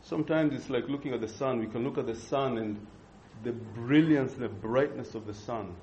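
A man preaching an expository sermon, earnest and measured, pausing and restarting as he thinks. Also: medium pitch, darkish tone, slight background noise. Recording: dull lo-fi recording.

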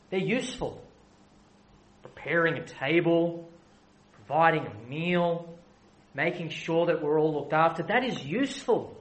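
A man preaching a sermon, moving between soft, quiet asides and loud, emphatic runs of repeated phrases. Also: on the high side, a little hiss or hum, poor audio.

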